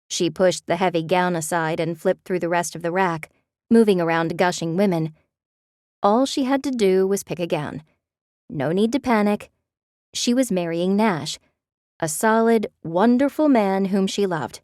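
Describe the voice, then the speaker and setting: A woman narrating a romance audiobook in a measured, expressive way. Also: fairly low pitch, no room sound, studio quality.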